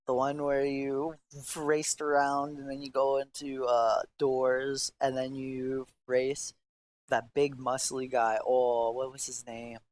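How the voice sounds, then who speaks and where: Slow-talking podcast guy, rambly and slangy, says like a lot, keeps restarting. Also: mid-range voice, completely flat delivery. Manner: halting, filler-heavy, slangy, restarts often. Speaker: podcast host. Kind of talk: rambling casual chat.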